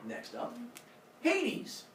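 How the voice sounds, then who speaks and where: A man's voice: very slow, a bit bright, slight background noise. A man teaching a class, lecturing in a playful, joking way. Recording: echoey classroom from far off.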